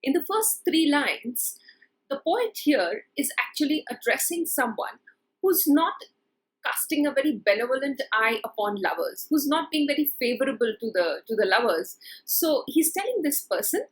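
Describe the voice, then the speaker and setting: A woman lecturing on a poem, paraphrasing its lines in plain speech with frequent pauses and fillers. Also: high voice, very animated, poor audio. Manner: frequent fillers and restarts while explaining. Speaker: literature lecturer. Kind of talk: explanatory poetry lecture.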